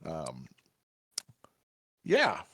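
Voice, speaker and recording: A man narrating a tabletop game as game master, talking in a halting way with many restarts and fillers. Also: a bass voice, huge pitch swings, pushed and bright, husky, no room sound.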